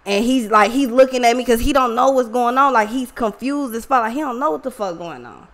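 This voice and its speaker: Female vlogger, casual storytelling, raw and profane, slightly high voice. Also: brisk. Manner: profane, emotional, slangy, talks to viewers directly. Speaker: online reader and vlogger.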